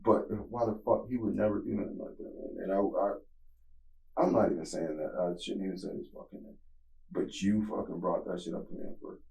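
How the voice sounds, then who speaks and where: A man's voice: deep voice, steady tone, fairly quick, gravelly, darkish tone, roomy sound, slight background noise. A man being questioned, defensive and evasive, cursing as he answers in an interrogation room. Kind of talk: defensive confrontation. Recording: distant surveillance camera.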